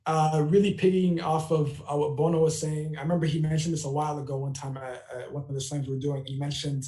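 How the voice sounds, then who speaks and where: A man giving a judge's feedback over a video call, halting with many fillers. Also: fairly high pitch, little pitch movement, dark tone. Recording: echoey room on a call.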